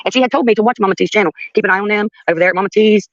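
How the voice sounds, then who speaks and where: A woman's voice: mid-range voice, rapid-fire, dry recording, highs cut off. An older woman telling a story on her livestream in a blunt, profane way, with laughs between her sentences. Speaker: livestream host. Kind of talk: casual storytelling.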